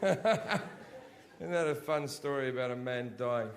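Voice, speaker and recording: A man telling a crude, deadpan story as a stand-up comedian, breaking into sudden shouted outbursts. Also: medium pitch, unhurried, long pauses. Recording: live show with audience noise behind.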